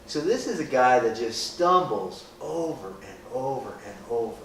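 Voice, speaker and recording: His mid-range voice swings widely in pitch, stays fairly bright, and moves at normal speed as he leads a group in a joking Bible talk. Conversational throughout, he keeps asking rhetorical questions, adding "right?" and dramatizing how people react. The group sits in an echoey room, and the recording is distant and roomy with faint hiss.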